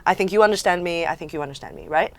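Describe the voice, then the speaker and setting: A woman's voice: on the low side, very fast, no room sound. A woman from Singapore talking on a casual panel in a thoughtful, hesitant way.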